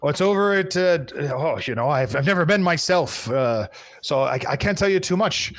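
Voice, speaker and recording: A man's voice: fairly high pitch, expressive, moderate pace, fairly bright tone, dry recording. A man doing a jolly skeleton bartender. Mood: jovial. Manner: chatty, speaks old pirate dialect. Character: jovial male skeleton bartender, barrel-chested, pirate talk.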